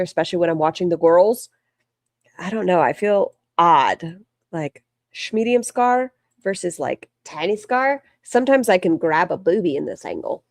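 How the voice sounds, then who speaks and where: Woman streamer, sarcastic reaction commentary, lively swooping pitch, dry close sound. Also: dry recording. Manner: sarcastic, blunt asides. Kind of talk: casual live-stream commentary.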